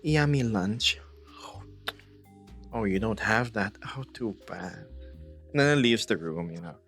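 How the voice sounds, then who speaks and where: A man's voice: lowish voice, expressive, normal speed, a bit bright, faint music behind. A man streaming live, reading chat messages aloud and joking about them with frequent chuckles.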